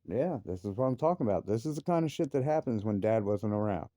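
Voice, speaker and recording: Speaking fast in a warm, fairly low, animated voice, a father rants furiously about his family with lots of swearing. His voice leaps up into outbursts, and the studio-quality audio has no echo.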